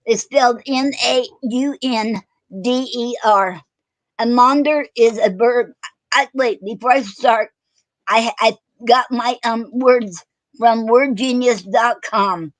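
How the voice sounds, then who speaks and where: A woman hosting a casual online poetry show, talking haltingly with many fillers and self-corrections. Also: a little high, dry recording, poor audio. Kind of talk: casual live-stream chat.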